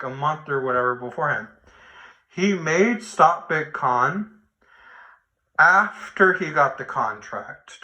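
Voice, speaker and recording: A man's voice: on the high side, pushed and bright. A man giving a casual late-night opinion rant at home, rambling and swearing, with frequent restarts. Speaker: online commentator. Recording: echoey room.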